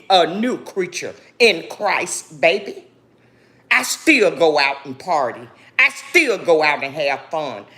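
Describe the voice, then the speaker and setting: A woman talks slowly to her viewers in a bright, lively voice whose pitch rises and falls a lot. She sounds grieving and angry, defiant and preachy, and keeps calling her listeners "baby." This is an emotional monologue delivered straight to camera. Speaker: vlogger.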